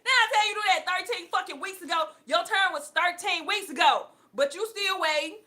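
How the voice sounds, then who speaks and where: A woman voicing God as an exasperated deity, scolding loudly and swearing. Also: fairly high pitch, quick pace. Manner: loud, profane, mock-impatient.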